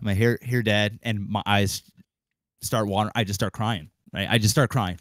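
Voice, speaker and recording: A young man on a podcast mic, telling a long story in an animated, casual way, swearing freely and acting out the people in it. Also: lowish voice, normal speed, no echo. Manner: animated, acts out quoted voices, swears freely. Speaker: podcast co-host.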